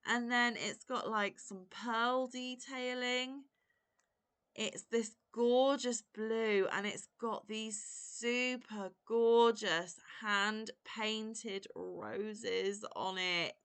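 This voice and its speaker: Gushing, effusive woman vlogger with a slow, bright voice. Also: on the high side, fairly even intonation, smooth. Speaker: crochet vlogger. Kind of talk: unboxing vlog.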